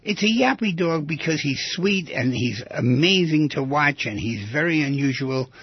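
A man with a deeply raspy, gravelly voice hosts a radio call-in show, musing aloud with lively swings of pitch. The sound is dull and lo-fi, close and dry with no room around it. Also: normal speed, dry recording. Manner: musing, rhetorical questions, conversational asides. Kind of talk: reflective radio monologue.

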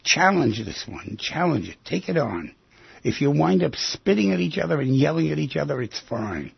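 A man's voice: on the high side, big pitch swings, moderate pace, vocal fry, slightly rough, no room sound. A middle-aged man hosting a radio call-in show, counseling callers in a direct, coaxing, plain-spoken way. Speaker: radio call-in host and therapist. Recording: dry, muffled radio broadcast audio.

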